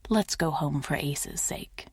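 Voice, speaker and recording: A composed, wealthy boss from an audiobook, voiced by a woman narrator, talking in a dry, bored drawl. His voice sits low and unhurried, recorded dry and close. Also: husky, dry recording, whispered, full character voice. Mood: calm.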